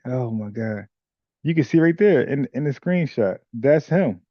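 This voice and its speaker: A man co-hosting a talk show, giving blunt, slangy, animated opinions and mocking the people he discusses. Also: mid-range voice, unhurried, no room sound. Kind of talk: casual opinionated chat. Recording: dull lo-fi dry sound.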